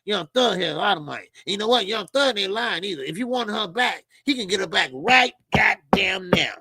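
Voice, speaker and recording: Man, middle-aged, boxing talk host, casual rant, mocking impressions, bright edgy tone, dry sound. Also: sits high, normal speed, dry recording. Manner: loud, animated, profane, mimics people mockingly. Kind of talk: casual commentary monologue.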